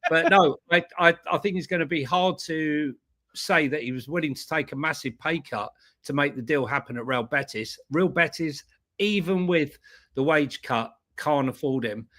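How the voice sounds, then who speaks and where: Co-host, male, bright and forceful tone, chatty, laughs easily. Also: fairly high pitch, normal speed. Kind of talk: casual football chat.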